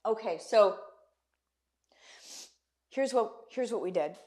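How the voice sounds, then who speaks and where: A woman's voice: medium pitch, expressive, slow, a little mellow. A woman hosting a live video, talking to her viewers in a heartfelt, tearful and shaky voice, repeating phrases for emphasis like a preacher. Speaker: online business coach and livestream host.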